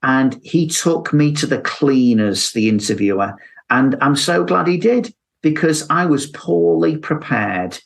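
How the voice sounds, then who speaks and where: A man, a guest on a mentoring podcast, giving measured advice on job interviews and reflecting on his own past. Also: on the high side, animated, creaky. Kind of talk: advice talk.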